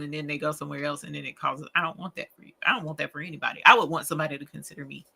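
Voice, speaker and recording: Woman, crafting livestream host; very bright, sharp tone; casual, rambling, folksy banter. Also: sits low, steady tone, a little fast, creaky. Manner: chatty and rambling, laughs often, folksy slang. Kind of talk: casual late-night livestream chat.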